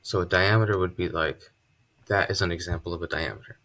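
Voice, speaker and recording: A man teaching a casual math lesson at a board, relaxed and chatty, with joking asides. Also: deep voice, fairly quick. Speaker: math tutor.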